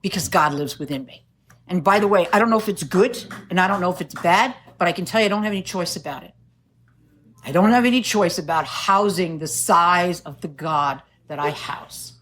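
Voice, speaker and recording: Low-voiced New woman sharing testimony. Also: fairly quick, fairly bright tone, slight background noise. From New York. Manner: earnest, conversational, laughs at herself. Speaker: recovery meeting speaker. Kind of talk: personal testimony talk. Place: meeting room.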